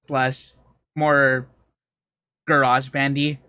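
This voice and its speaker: A man's voice: medium pitch, flat delivery, very slow, pushed and bright, clear, resonant tone, no room sound, clean studio sound. A man co-hosting a podcast in casual chat, rambling with fillers as he recommends songs. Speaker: podcast co-host.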